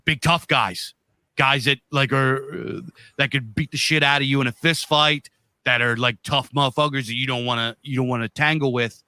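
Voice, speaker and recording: A man's voice: medium pitch, fairly even intonation, normal speed, bright, forceful tone, smooth, dry recording. A man co-hosting a podcast, telling a long story in a loose, profane, rambling way. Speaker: podcast co-host.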